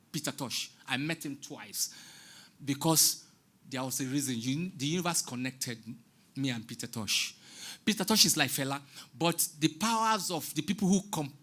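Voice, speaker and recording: A Nigerian man in his sixties speaks on stage with a bright, forceful voice pitched a little high. He talks with passion, like a preacher, and slips Pidgin phrases into his English. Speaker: guest artist speaking on stage. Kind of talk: public talk. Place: stage in a large venue.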